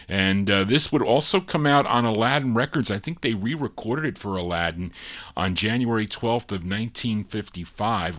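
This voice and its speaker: A man's voice: on the low side, a bit bright. A man hosting a live vinyl record show, chatting casually between songs, musing aloud and correcting himself.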